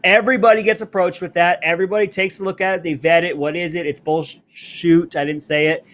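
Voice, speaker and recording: A man hosting a live political commentary stream, brash and fast-talking, pushing his merch between topics. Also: high voice, little pitch movement, fairly bright tone. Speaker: show host. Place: Florida.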